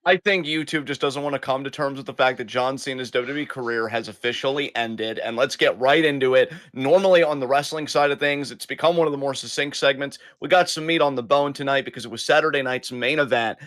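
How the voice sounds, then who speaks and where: Man, podcast co-host, rambling casual talk, dry close sound, mid pitch. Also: brisk, hardly any pauses, a bit bright, no room sound. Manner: rambling, self-correcting, chatty. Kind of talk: casual chat.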